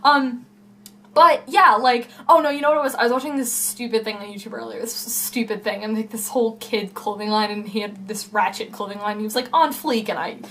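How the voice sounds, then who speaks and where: A woman's voice: a little high, steady tone, fairly quick, bright, forceful tone, a little hiss or hum. Rambling young woman vlogging. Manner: rambling, filler-heavy, self-interrupting. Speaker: YouTuber. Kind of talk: casual vlog chat. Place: home room.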